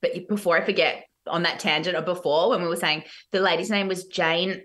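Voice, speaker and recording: A woman with an Australian accent, a podcast guest, chatting casually and telling animated stories about stage work. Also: fairly low pitch, a little fast. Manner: animated storytelling with laughs. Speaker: guest, musical theatre actress.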